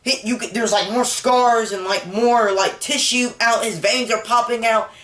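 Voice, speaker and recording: A man's voice: very high voice, fairly even intonation, normal speed, sharp tone. Rambling young man recapping a movie. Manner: rambling, lots of fillers. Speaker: movie reviewer. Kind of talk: casual spoken movie recap. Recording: echoey room.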